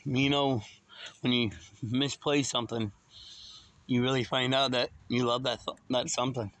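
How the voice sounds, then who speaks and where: A man talking casually to his viewers, drifting from one thought to the next. His voice sits at an ordinary middle pitch, and he speaks in a loose, rambling way. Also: level tone, normal speed, fairly bright tone, no room sound. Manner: rambling, talks straight to viewers. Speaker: vlogger.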